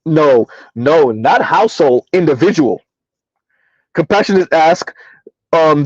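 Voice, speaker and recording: A man hosting a casual livestream, reading numbers aloud and answering his chat in a relaxed, chatty way. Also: on the high side, a little slow, breathy edge, no echo, muffled recording. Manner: casual, chatty, addresses listeners as y'all. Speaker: livestream host.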